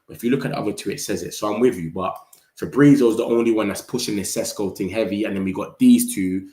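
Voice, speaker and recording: A man hosting a football channel, chatting casually with viewers in slangy, animated talk. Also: on the low side, fast talker, reverberant. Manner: slangy, animated, talks straight to chat. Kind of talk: casual live-stream chat reading viewer comments.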